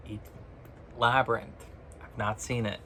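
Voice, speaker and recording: A man's voice: medium pitch, flat delivery, unhurried, a bit bright, slight background noise. A man talking casually to camera, ranting with sarcasm, swearing freely and laughing often mid-sentence, recorded on a phone. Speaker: vlogger. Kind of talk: casual chat.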